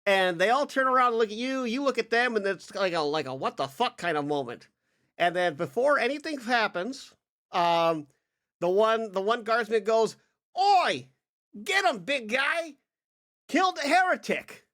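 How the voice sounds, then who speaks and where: Tabletop game master, rambling narration, filler words, lively pitch. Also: normal speed.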